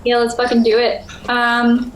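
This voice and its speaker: A woman's voice: a little high, completely flat delivery, measured pace. A young woman playing a tabletop game, eager and chatty, swearing casually. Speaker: player. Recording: echoey room, faint noise.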